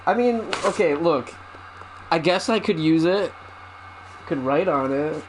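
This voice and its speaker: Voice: medium pitch, expressive, unhurried, slight background noise, poor audio. A streamer chatting casually while opening a parcel, wry and self-mocking, with casual swearing. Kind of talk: casual unboxing chat.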